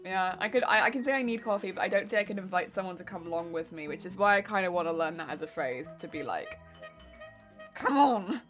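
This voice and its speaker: A woman streamer chatting casually with her live chat while crafting, laughing often, her weak voice cracking when her pitch changes. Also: fast, few pauses, fairly bright tone, soft background music. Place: home crafting stream setup.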